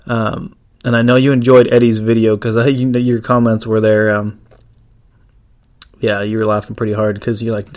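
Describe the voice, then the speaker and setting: A man's voice: fairly low pitch, flat delivery, normal speed, a little mellow. A man hosting a casual solo podcast, rambling with lots of ums and restarts. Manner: rambling, many fillers and restarts. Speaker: podcast host.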